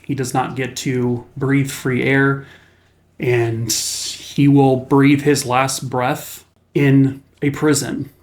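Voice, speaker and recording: Young adult man, true crime channel host, mid-pitched, unscripted, slow and deliberate with casual fillers.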